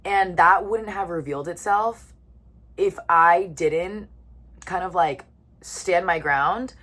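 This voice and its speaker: A young woman in her twenties telling a story to the camera in a casual, chatty way, full of "like" and pausing to eat. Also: lowish voice, a bit bright. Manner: chatty, lots of "like", eating while talking. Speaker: vlogger.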